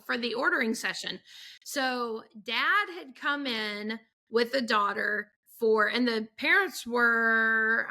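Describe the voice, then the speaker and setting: A woman's voice: a little high, pushed and bright. A woman photographer, a podcast guest, telling stories in a chatty way, full of fillers and acted-out quotes. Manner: chatty storyteller, acts out quotes, many fillers. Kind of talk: casual podcast chat.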